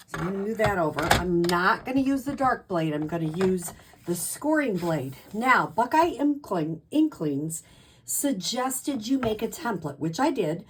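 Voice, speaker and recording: A woman's voice: fairly low pitch, lively intonation, unhurried, slight background noise. A woman giving a casual craft tutorial as a demonstrator, chatty, with frequent ums and self-corrections.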